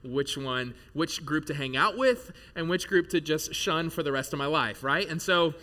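A man in his thirties preaching a sermon to his congregation, telling a jokey personal story with animated bursts of loud excitement. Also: a little high, moderate pace. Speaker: pastor. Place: church service before a live congregation.

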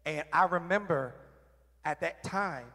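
A man with a somewhat high, husky voice tells a candid personal testimony, stumbling over restarts as he goes. His words ring out in a reverberant church hall. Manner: candid, animated, with halting restarts. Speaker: guest sharing testimony.

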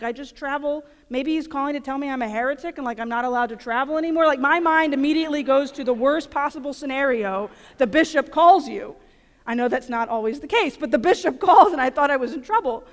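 A woman in her thirties, a Catholic speaker, telling stories in an animated, self-deprecating way to an audience. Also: high voice, fast talker. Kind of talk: storytelling conference talk. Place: large auditorium. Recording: long hall reverb in an auditorium.

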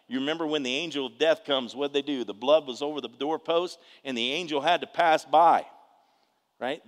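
Guy preaching his testimony, gets loud and fired up, echoey hall sound. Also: mid-range voice. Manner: animated storytelling, bursts of shouting. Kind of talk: testimony sermon.

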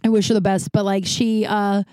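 A woman's voice: mid-range voice, little pitch movement, normal speed, dark tone, clear, resonant tone, no room sound. A woman hosting a podcast, telling stories in a candid, rambling, profane way with restarts. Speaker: podcast host. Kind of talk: casual storytelling monologue.

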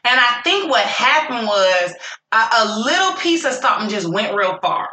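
A young woman co-hosting a podcast, chatting candidly and profanely with animated storytelling. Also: on the high side, normal speed. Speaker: podcast co-host. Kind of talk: casual chat. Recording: echoey room with faint noise.

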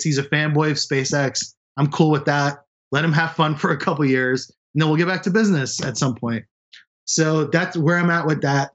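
A candid male space reporter sounds off in loose, casual conversation. His voice sits fairly high, and he gives blunt opinions without softening them. The audio is dull and lo-fi. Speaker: space journalist.

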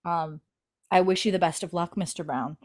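A woman voicing a calm, resolute middle-aged frontier laird who speaks in a measured, quietly firm way. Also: fairly low pitch, lightly acted.

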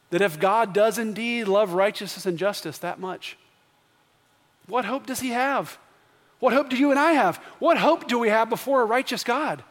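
A man in his thirties preaching a sermon as pastor, telling family stories in a conversational way and building to emphatic questions. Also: on the high side. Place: church sanctuary. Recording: long church reverb.

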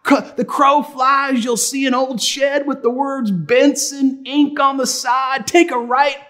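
A preacher doing the voice of an elderly gas station clerk, kindly and talkative, who rambles through directions in a lifted, high tone. He sounds friendly and helpful throughout. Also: level tone, unhurried, bright, forceful tone, exaggerated voice. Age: older.

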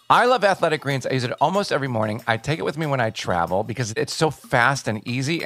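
A man co-hosting a comedy health podcast, reading a disclaimer and an ad and joking with his co-host. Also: medium pitch. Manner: lively, joking. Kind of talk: podcast disclaimer, ad read and banter.

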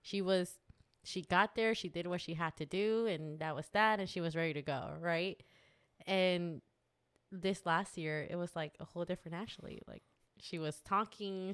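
A woman's voice: fairly low pitch, smooth. A woman in casual conversation, telling stories in a rambling way and laughing often. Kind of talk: casual chat.

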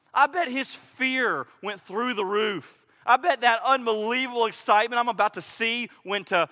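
High, bright-voiced preacher in a hall. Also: male voice, expressive, measured pace. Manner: dramatic, swings from loud to hushed, acts out quotes. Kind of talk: sermon. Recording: echoey hall reverb.

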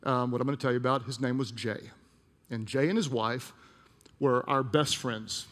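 A man's voice: mid-range voice, steady tone, normal speed, a bit bright. A middle-aged male pastor preaching, telling a personal story with emotion and asides to the congregation. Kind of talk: storytelling sermon. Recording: long hall reverb.

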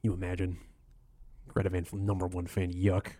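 A man's voice: deep voice, monotone, moderate pace, warm tone, no room sound. Stammering, grumbling angry male radio host. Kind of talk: comedic radio call-in sketch.

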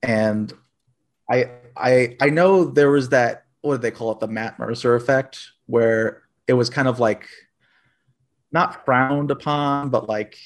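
A man chatting casually as a podcast guest, rambling and filling pauses with "like". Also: mid-range voice. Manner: rambling, heavy use of "like" fillers. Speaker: podcast guest, dice maker. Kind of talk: casual chat.

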